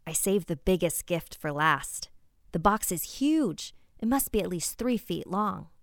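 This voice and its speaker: A woman hosting a horror podcast, narrating stories in a measured first-person style. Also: lowish voice, animated, no echo, clean studio sound. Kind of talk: scripted story narration.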